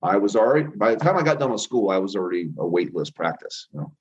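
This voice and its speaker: Middle-aged male guest, anecdotal and rambling, fairly low voice, dull lo-fi recording. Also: expressive, quick pace. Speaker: interview guest, chiropractor and healer. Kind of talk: casual storytelling interview. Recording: dull lo-fi audio.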